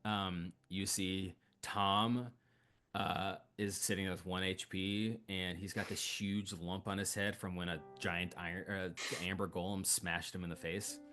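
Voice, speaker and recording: A young man narrating a tabletop game as game master, slow and hesitant with many fillers. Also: sits low, little pitch movement, sharp tone.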